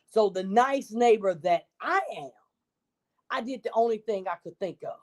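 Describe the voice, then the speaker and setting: A woman's voice: medium pitch, expressive, moderate pace, a little mellow, close to an everyday voice. A woman voicing a self-pitying male wolf who tells his own side of the story in a wheedling, innocent tone.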